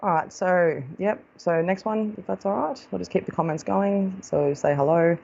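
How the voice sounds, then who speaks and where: A woman's voice: lowish voice, normal speed, vocal fry, darkish tone, dull audio. An Australian woman hosting a live stream as a psychic medium, chatting casually and affectionately, calling viewers darling as she greets them.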